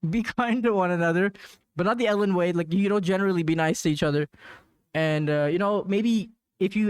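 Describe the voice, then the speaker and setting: A man's voice: sits high, clean tone, no echo, clean studio sound. A man hosting a casual solo podcast, rambling with lots of fillers and restarts, slangy, and laughing at awkward moments. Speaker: podcast host.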